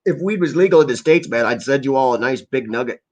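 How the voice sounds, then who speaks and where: A man's voice: mid-range voice, lively intonation, fast, darkish tone. A man from Canada ranting casually and profanely to his live chat as a stream host, rambling and heated. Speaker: livestream host.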